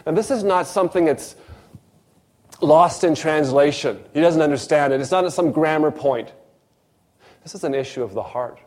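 A man's voice: on the high side, normal speed, long pauses. A man preaching a sermon, telling a story and acting out the dialogue. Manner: animated storyteller, acts out dialogue.

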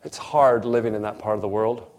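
A middle-aged preacher tells a personal story in his sermon, swinging lively between loud emphasis and hushed, quiet asides. His pitch is fairly low and he talks a little fast.

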